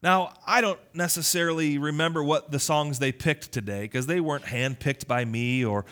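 A male pastor preaching a lively, conversational sermon, teasing his congregation. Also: fairly high pitch, normal speed.

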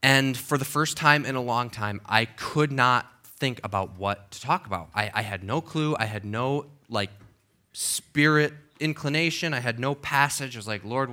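A man's voice: medium pitch, sharp tone. A man preaching a sermon as pastor in a church, conversational and emphatic, often checking in with the congregation. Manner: conversational, emphatic, with frequent okays and restarts.

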